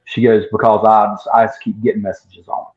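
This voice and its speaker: A man's voice: lowish voice, little pitch movement, brisk, a little mellow. A man telling a long story in casual chat, full of "I was like" asides, as a guest distiller. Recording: dull lo-fi sound.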